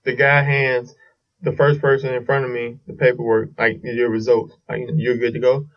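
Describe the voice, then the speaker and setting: A man's voice: mid-range voice, level tone, moderate pace, recorded from a distance, highs cut off. A man hosting a casual solo podcast, telling a long story in a rambling way with restarts and swearing. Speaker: podcast host.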